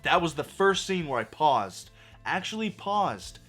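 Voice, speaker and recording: A man giving a profane, exasperated film review rant, his voice going hoarse. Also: on the high side, very animated, measured pace, fairly bright tone, soft background music. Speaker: movie reviewer.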